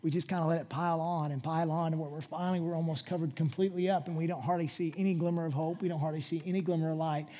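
A pastor preaches in a high, light voice. He drops low and soft for scripture, then climbs back up and presses his point hard and loud. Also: steady tone, rapid-fire, few pauses. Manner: preaching with big swings from hushed scripture reading to loud exhortation. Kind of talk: sermon.

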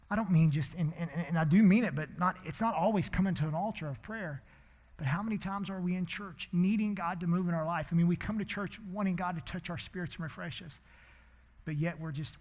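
A man preaching a sermon as pastor in a church, impassioned, swinging between hushed and loud. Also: on the high side, long reverb tail.

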